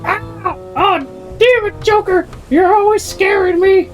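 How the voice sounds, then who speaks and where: Quick parody: a man doing a squealing, boastful female streamer. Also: very high voice, fairly even intonation, faint music behind, voice pushed up.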